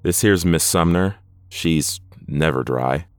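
A man voicing an intimidating, swaggering male nursing aide with a rumbling voice and a cool, quietly threatening manner. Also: slow pace, clear, resonant tone, dry recording.

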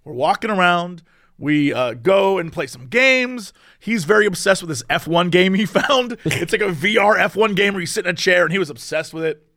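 A man's voice: sits high, moderate pace, pushed and bright, no echo, studio quality. A man in casual podcast chat, animatedly telling a story and acting out the quoted lines.

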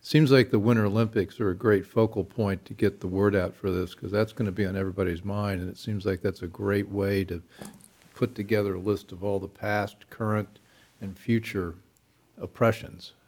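Man, interview host, slightly low voice, relaxed, conversational. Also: normal speed. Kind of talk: casual interview chat.

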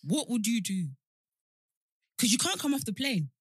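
A young woman co-hosting a podcast in casual chat, playful, teasing and expressive. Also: a little high, moderate pace, slightly rough, dry recording. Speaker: podcast co-host.

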